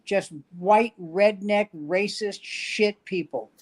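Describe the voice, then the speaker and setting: Taking things slowly in a high voice, an older New York comic with years of standup behind him tells wry, wandering stories. It's a casual storytelling chat where he's the guest.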